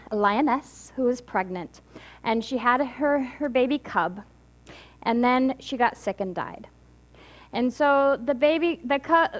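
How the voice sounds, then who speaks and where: Woman minister, high voice, casual sermon, chatty storytelling, stops and restarts a lot. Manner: chatty and halting, with many restarts, laughing at herself.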